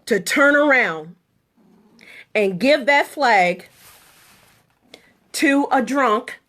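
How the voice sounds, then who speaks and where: Slow, indignant middle-aged woman. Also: a little high, lively intonation, a bit bright. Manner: indignant, emphatic, repeating short statements. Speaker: military veteran. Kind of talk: political monologue to camera.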